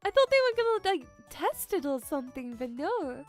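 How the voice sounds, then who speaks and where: A young adult woman streamer telling a story in a casual chat, animated and dramatic, laughing often. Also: high-pitched, normal speed, soft background music. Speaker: VTuber streamer.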